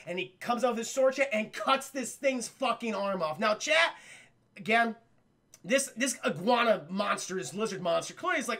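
Man, cartoon reviewer, lively pitch, bright voice, profane, rambling to chat. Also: normal speed. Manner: acts out scenes in voices. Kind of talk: casual live-stream review.

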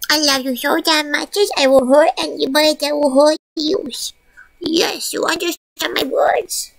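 A woman's voice: high voice, fairly even intonation, moderate pace, vocal fry. A young woman streaming a casual chat, talking baby talk to her pets and cursing offhandedly.

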